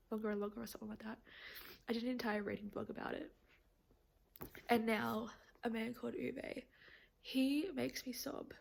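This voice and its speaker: Young woman vlogger, teary, rambling and laughing, slow, gravelly voice. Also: on the high side. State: teary, on the verge of crying. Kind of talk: casual chatty vlog.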